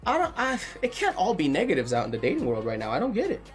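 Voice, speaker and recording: Soft music plays behind this married stream host as he chats casually, spins stories and reads out messages from his chat. He speaks quickly in a voice that sits high.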